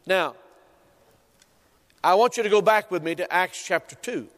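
A male pastor preaching a sermon in a deliberate cadence, quoting scripture. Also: high voice, fairly bright tone, in a large hall.

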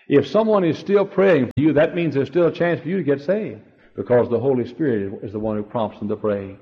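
A man preaching a sermon in an emphatic, repetitive way, swinging between quiet passages and shouting. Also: medium pitch, fairly quick. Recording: dull lo-fi recording in a reverberant hall.

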